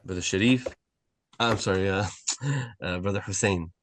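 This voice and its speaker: A man teaching an online Arabic class, patiently correcting pronunciation and repeating sounds slowly. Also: low voice, a little hiss or hum. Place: video call.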